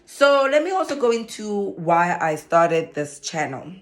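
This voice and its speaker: This is a South African woman, a social worker who vlogs, talking casually to camera in a fairly low, slightly slow voice. She laughs frequently and tells her story with animation.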